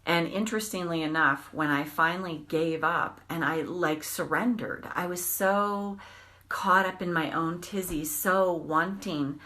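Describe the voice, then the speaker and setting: A middle-aged woman talks on a casual live stream with a fairly low voice for a woman. She is candid and animated, breaking off and restarting her sentences and dropping in mild swearing. She speaks as the host of the stream. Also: measured pace. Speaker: tapping practitioner hosting a live video.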